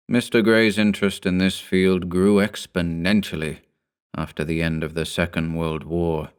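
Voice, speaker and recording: A man giving measured, somber first-person scripted narration of a horror story. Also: deep voice, smooth.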